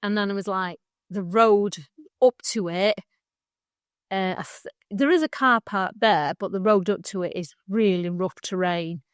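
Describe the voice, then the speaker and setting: A woman's voice: mid-range voice, unhurried, smooth, dry recording. A middle-aged woman co-hosting a podcast, chatting casually with a mid-range voice. She rambles through heartfelt stories, stumbling and restarting, and breaks into laughs now and then. The sound is close and dry, with no room around her. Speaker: podcast co-host. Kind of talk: casual chat.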